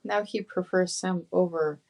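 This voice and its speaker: A podcast co-host with a gravelly, creaky voice chats casually, mostly chiming in with short agreeing replies. The pitch sits in the middle. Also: fairly even intonation, a little slow, darkish tone. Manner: short backchannel replies, brief comments. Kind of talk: casual chat.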